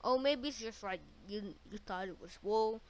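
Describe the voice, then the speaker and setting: A woman hosting a reaction video, chatting casually and firing off curious questions between clips. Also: a little high. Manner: chatty and questioning, quick interjections.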